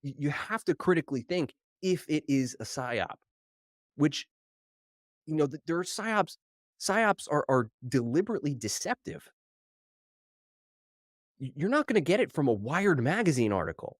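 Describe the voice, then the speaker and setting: A man hosting his own podcast solo, talking in an animated, worked-up way and slightly out of breath from too much coffee, mocking the headlines he reads. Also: a little high, normal speed, pauses often, no room sound, studio quality. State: over-caffeinated, slightly out of breath. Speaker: podcast host.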